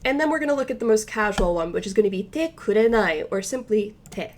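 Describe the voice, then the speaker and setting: A woman's voice: medium pitch, lively intonation, a little mellow, slight background noise. Woman teaching a patient language lesson. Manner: patient step-by-step explanations, slows down for example phrases.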